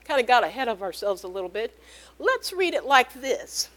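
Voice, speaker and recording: A woman's voice: a little high, very animated, normal speed, fairly bright tone. A woman preaching a sermon, emphatic, repeating key phrases and calling out amen.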